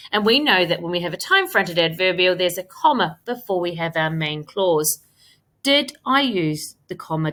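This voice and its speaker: A woman's voice: medium pitch, sharp tone. A woman teaching a recorded primary school lesson, encouraging and stressing key words with frequent repetition. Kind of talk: recorded remote lesson for children.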